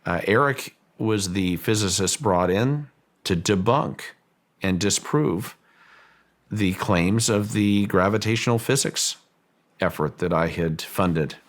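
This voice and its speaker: A middle-aged man, a property owner, recounting a personal story in an interview, halting and repeating words as he thinks. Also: fairly low pitch.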